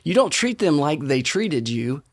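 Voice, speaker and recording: A man's voice: a little high, big pitch swings, a little slow. A man on a parenting panel giving practical advice in an earnest, casual way. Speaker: podcast co-host, father.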